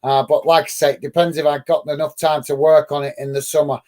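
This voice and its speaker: A man with a high voice hosts a live football watch-along from the UK. He talks through the play and chats with viewers, calling them mate. His speech is full of uh and um. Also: level tone, fast, darkish tone. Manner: friendly, many "uh" fillers, calls viewers "mate". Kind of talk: live match commentary and chat reading.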